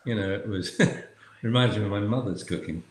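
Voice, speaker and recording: A man's voice: on the low side, moderate pace, echoey room. An older man chatting wryly on a casual live video call, telling stories with a dry sense of humor. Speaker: dog trainer and show regular.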